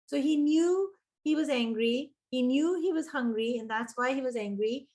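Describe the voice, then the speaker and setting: Older woman coach with a higher voice. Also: moderate pace, darkish tone. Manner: engaging, asks the audience questions and repeats key words for emphasis. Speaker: early childhood education coach. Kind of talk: webinar presentation.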